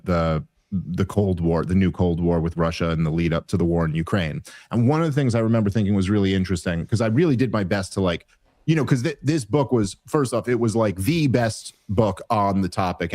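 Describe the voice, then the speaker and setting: A man's voice: low-pitched, darkish tone, no room sound, clean studio sound. A man hosting a podcast, giving rambling, exasperated political commentary full of fillers and restarts. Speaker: podcast host.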